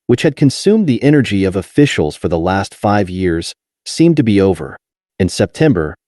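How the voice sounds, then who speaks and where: A man reading a nonfiction history audiobook in a measured, steady way, with deliberate pauses. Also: fairly low pitch, no room sound, clean studio sound. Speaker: audiobook narrator. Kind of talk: scripted nonfiction narration.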